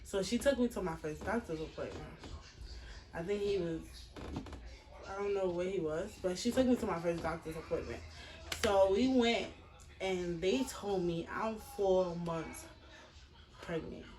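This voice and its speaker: A woman's voice: on the low side, unhurried, pauses often. A woman in her twenties telling a personal story casually, blunt and full of swearing. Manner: blunt, profane, animated retelling. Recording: echoey room, mic far off, faint hiss.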